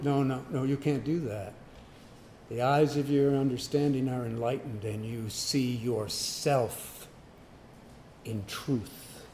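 A man preaching a sermon, emphatic, swinging from loud declarations to hushed asides. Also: mid-range voice, fairly even intonation, slow, a little hiss or hum. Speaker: pastor.

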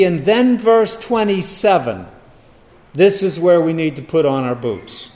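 A man's voice: a little high, animated, a little slow, a little mellow. A man preaching a sermon as pastor, reading scripture with emphatic, dramatic stress.

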